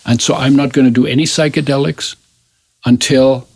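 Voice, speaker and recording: A man's voice: medium pitch, fairly even intonation, normal speed, a little mellow. A man in his eighties, a guest in an interview, telling his life story in a reflective, searching way that often trails off mid-sentence. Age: 80s.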